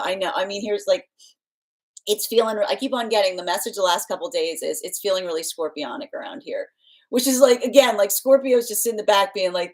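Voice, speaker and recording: A woman chats casually to her viewers on a live tarot stream, welcoming people by name and laughing often. She slips into a playfully stern, motherly tone when she gives advice. Her voice sits at an ordinary middle pitch for a woman. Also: fairly quick, rough recording. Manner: chatty and animated, laughs often, reads out viewer comments. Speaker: tarot reader hosting a livestream. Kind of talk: casual livestream chat.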